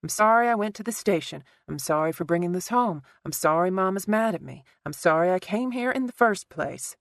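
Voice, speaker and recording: Woman doing a tense guarded heroine, short answers, lowish voice. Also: lively intonation, fairly quick, no echo, clean studio sound. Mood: defensive. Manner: curt, defensive.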